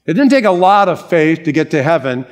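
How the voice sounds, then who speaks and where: A man's voice: fairly high pitch, big pitch swings, a little fast. A male pastor preaching a sermon, emphatic, with shifting pace.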